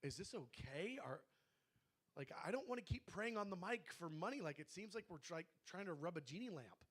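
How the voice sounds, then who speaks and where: A man leading a prayer room, telling a personal testimony to his congregation in an animated way and acting out the dialogue. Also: sits high, fairly quick, slightly rough.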